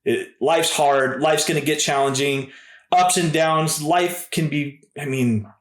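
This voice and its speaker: A man's voice: fairly high pitch, measured pace, roomy sound. A man in his thirties, a podcast guest telling stories in a casual, laid-back way and often calling people "dude" and "man". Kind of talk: casual storytelling.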